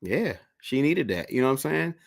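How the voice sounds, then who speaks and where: A man of middle pitch tells a story over a video call. He talks casually and slips into other people's voices as he goes, and he uses a lot of verbal fillers. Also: moderate pace, vocal fry. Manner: animated, acts out the voices in his stories. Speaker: interviewer.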